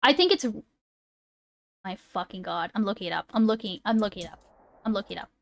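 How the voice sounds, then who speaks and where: A woman's voice: mid-range voice, animated, quick pace, creaky, fairly bright tone. A woman streamer chatting casually, swearing and laughing as she fumbles over a word. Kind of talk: casual live-stream chat.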